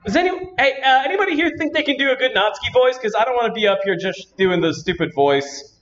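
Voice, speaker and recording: A man's voice: very high voice, animated, fast talker, fairly bright tone, lo-fi sound. A man hosting a convention panel, chatting to the audience and thinking aloud as he works. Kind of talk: live demo to an audience.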